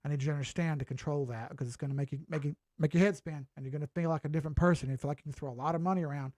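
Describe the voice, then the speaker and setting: A man's voice: fairly high pitch, fairly even intonation, rapid-fire, a little mellow, dry recording, studio quality. A man hosting a casual crypto market stream, talking in an earnest, cautionary, rambling way. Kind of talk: casual livestream talk.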